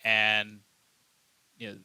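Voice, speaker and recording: A man delivering an unscripted commentary monologue, pressing his points with emphasis and stumbling over repeated words as he goes. His voice is strongly bright and forward, and the recording is very dry and close. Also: on the low side, completely flat delivery, drawn-out words, clean tone, dry recording. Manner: repeats himself and restarts often, emphatic. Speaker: political commentary host.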